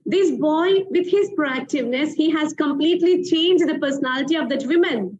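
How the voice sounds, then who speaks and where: A woman's voice: high-pitched, animated, normal speed, hardly any pauses, darkish tone, slight background noise. A woman hosting a show, telling a motivational story with emphatic repeated phrases, in a muffled lo-fi recording. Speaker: TV show host.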